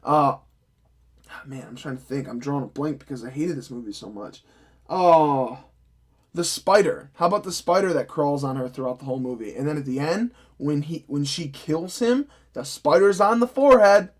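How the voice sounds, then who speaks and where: High-voiced man in a sweary, sarcastic rant. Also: expressive, normal speed. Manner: profane, sarcastic, exasperated. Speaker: film reviewer. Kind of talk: ranting vlog review.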